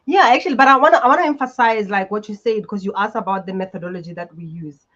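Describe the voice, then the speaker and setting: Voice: mid-range voice, fast talker, fairly bright tone. Emphatic speaker over muffled audio. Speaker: podcast guest, healer. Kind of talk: casual panel talk.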